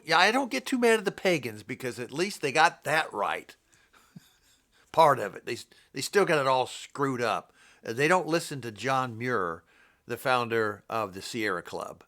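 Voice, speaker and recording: A man's voice: mid-range voice, lively intonation, normal speed, fairly bright tone. An older man giving an informal, rambling Bible teaching in a blunt, scolding way. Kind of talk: informal preaching monologue.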